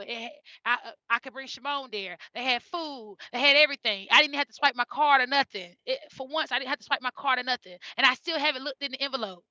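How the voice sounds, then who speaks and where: Woman, heartfelt storytelling, repeats herself a lot, very bright tone, dry close sound. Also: sits high, no room sound. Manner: repeats phrases, earnest and heartfelt. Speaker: mother telling her family's story. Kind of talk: emotional personal storytelling. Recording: dull lo-fi recording.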